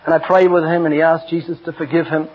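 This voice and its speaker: A middle-aged man delivers an earnest, emphatic sermon woven with personal stories. His voice sits high for a man and has a husky edge. The recording is dull and lo-fi. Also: little pitch movement, fast talker. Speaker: preacher.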